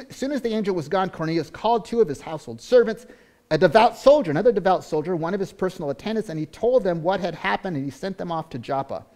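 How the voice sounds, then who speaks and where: A man preaching a sermon as pastor, earnest, often repeating words and restarting, swinging between loud stretches and hushed ones. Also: sits high.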